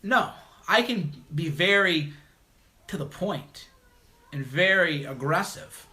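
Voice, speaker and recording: A man's voice: on the high side, animated, takes it slowly, pushed and bright. A man hosting a call-in livestream, talking bluntly and mocking his critics in a combative monologue. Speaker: livestream host.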